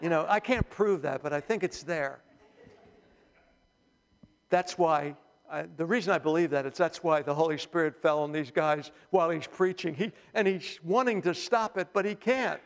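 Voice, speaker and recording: A man's voice: fairly high pitch, moderate pace, creaky. A male pastor preaching a sermon, telling the story with animation and humor, in a church hall. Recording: long hall reverb.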